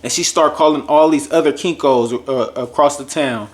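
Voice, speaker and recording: A man's voice: a little high, moderate pace. Jokey man telling a story. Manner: lively, jokey storytelling that acts out other people's lines; addresses viewers directly and casually. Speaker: vlogger sharing a faith testimony. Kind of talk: personal storytelling to viewers.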